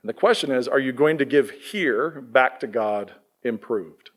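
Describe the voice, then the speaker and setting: Lively man preaching to students. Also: medium pitch, unhurried. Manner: lively, conversational, quizzes the audience. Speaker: pastor. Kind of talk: sermon to students.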